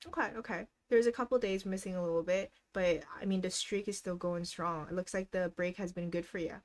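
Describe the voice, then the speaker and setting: A woman's voice: lowish voice, fairly even intonation, brisk. A young woman hosting a casual live stream, cheerfully encouraging viewers and reading out their goals with frequent giggles. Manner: giggles often between remarks. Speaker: livestream host.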